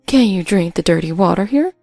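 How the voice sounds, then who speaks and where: A stern sister talks in a firm, brisk way, raising her voice to scold, as a woman acts her out. Her tone has a gravelly texture at the bottom. The sound is dry and close. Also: fairly low pitch, animated, dark tone, dry recording, faint music behind. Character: stern, scheming older sister, brisk and unsympathetic.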